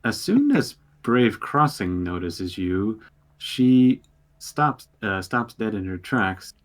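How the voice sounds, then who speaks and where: A man narrating a tabletop game as game master, pausing often with fillers and restarting his sentences. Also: fairly low pitch, sing-song. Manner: halting, lots of filler words and restarts.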